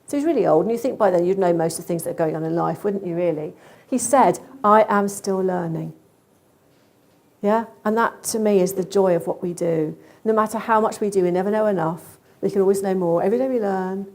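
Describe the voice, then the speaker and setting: A woman giving a lively, expressive conference talk about cat behaviour. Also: mid-range voice, quick pace. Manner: lively, expressive, acts out animal thoughts.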